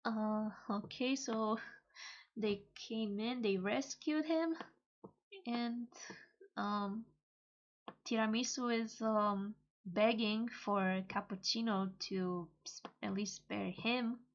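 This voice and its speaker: Halting slow-talking woman. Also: mid-range voice, fairly even intonation, highs cut off. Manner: hesitant, halting, many pauses and fillers. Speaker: manga reader and translator. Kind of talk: casual reading and translating.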